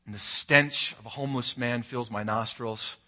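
A man preaches from the pulpit in a bright, forceful voice. He tells his story with earnest conviction, dropping to a hush and then building to emphatic peaks. His pitch sits at an ordinary middle. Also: fairly even intonation, moderate pace. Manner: earnest, swings from hushed to emphatic. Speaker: pastor. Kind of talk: sermon storytelling.

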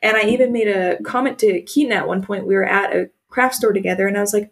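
A woman's voice: medium pitch, steady tone, fast talker, gravelly, hardly any pauses. A young woman co-hosting a podcast, candidly telling a personal story in casual chat. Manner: candid, emotional storytelling with frequent "like" fillers. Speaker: podcast co-host.

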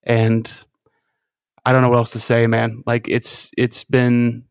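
A man co-hosting a podcast in casual chat, earnest and halting, often restarting his sentences. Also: medium pitch, completely flat delivery, clean tone, dry recording. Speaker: podcast co-host.

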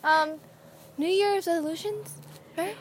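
A woman's voice: very high-pitched, a little slow, a little hiss or hum. A teenage girl co-hosting a podcast in a park, chirpy and matter-of-fact in casual chat. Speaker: podcast co-host. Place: outdoor public park.

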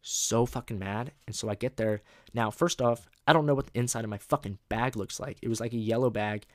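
A man's voice: medium pitch, a little fast, dry recording, studio quality. A young man hosting a podcast, telling rambling, profane stories in a casual monologue and laughing at his own jokes. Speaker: podcast host.

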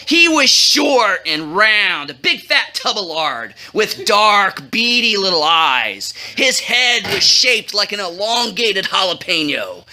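A woman's voice: medium pitch, bright, forceful tone. A woman telling a comic storybook tale to a young audience, playful and jokey, teasing her listeners.

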